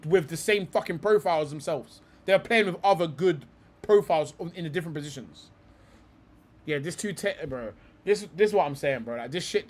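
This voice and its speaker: A young man hosting a live stream, talking football in a rambling, heated way, swearing often and calling people bro. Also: fairly high pitch.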